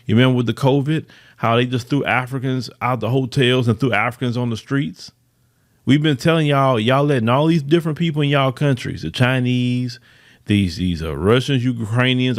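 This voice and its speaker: A man hosting a podcast, giving emphatic news commentary, reading reports aloud and repeating words for stress. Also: medium pitch. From United States. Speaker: podcast host.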